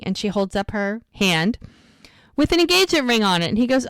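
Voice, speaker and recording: A woman co-hosting a rewatch podcast, casually retelling scenes and quoting the characters in quick bursts. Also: mid-range voice, no echo, clean studio sound. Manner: chatty, quotes characters in quick lively bursts. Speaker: podcast co-host recapping episodes.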